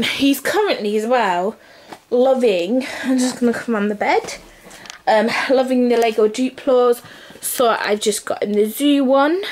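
A young woman, chatting casually to camera about gifts she bought, slightly out of breath, with many pauses and restarts. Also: mid-range voice. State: a little out of breath. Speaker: vlogger showing Christmas gifts.

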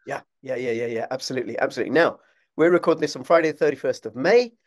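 A man's voice: mid-range voice, racing. A man hosting a casual podcast chat, talking with heavy mock-sarcastic praise. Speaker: podcast host. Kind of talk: casual video-call chat.

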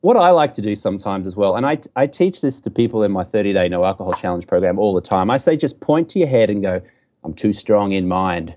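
Mellow-voiced Australian man, jokey. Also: lowish voice, quick pace, few pauses. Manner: jokey and animated, acts out quoted lines. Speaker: podcast guest, entrepreneur. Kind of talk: casual interview chat.

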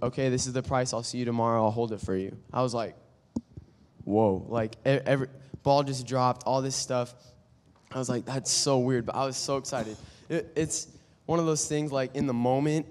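A man's voice: medium pitch, clean tone, big-room sound. A young man giving a casual faith testimony to his team, telling a story animatedly with many fillers and restarts. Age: young adult. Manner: animated storytelling, acts out quoted voices, frequent fillers and restarts. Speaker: student speaker at a team devotional. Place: church meeting room.

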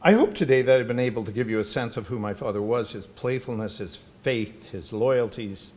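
Fairly quick and medium-pitched, an older man delivers an anecdotal talk about his family at a podium microphone. He is the featured speaker at a symposium in a university hall, storytelling warmly for the audience and adding asides.

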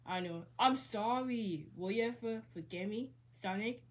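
Knuckles: a slow, rude echidna guy, voiced by a woman, homemade fan dub. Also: on the high side. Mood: sorry. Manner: broken grammar, insulting, grudging.

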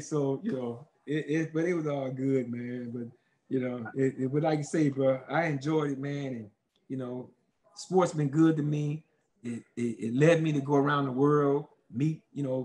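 A man, a former football player telling stories in a casual interview, rambling and animated with lots of fillers. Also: medium pitch, normal speed, a little hiss or hum.

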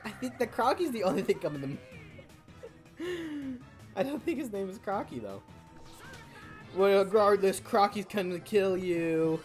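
A woman's voice: lowish voice, a little mellow. A young woman hosting a gaming channel, giving playful, jokey, self-mocking commentary over her gameplay.

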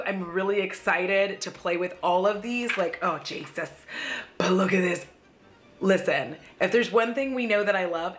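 A woman's voice: medium pitch, a bit bright. Chatty, gushing woman vlogger. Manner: gushing, chatty, playful asides. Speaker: beauty vlogger. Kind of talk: casual haul vlog. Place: at home.

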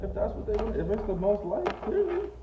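A man's voice: sits high, steady tone, fast, lo-fi sound. A man bantering on a livestream, teasing and dismissive, brushing off complaints. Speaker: livestream participant. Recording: distant mic in an echoey room, loud noise.

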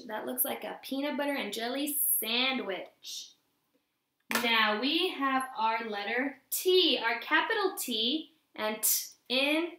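A woman's voice: on the high side, pushed and bright. A woman teaching a recorded phonics lesson to young children, sing-song and encouraging as she sounds out syllables. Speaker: kindergarten teacher. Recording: echoey room.

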